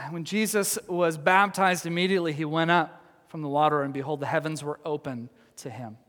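A man's voice: on the high side, a bit bright, big-room sound. A man preaching a sermon as pastor, telling the story with laughs, asides and acted quotes.

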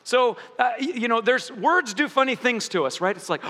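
A man preaching a sermon in a lively, playful way, often acting out quoted voices. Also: extremely high pitch, brisk, few pauses, big-room sound. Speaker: pastor.

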